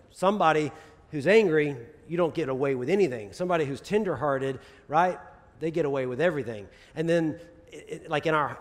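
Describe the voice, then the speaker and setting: A male pastor preaching a sermon in a conversational style, peppered with "right?" asides and building to loud urging. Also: on the high side. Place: church sanctuary. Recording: long hall reverb.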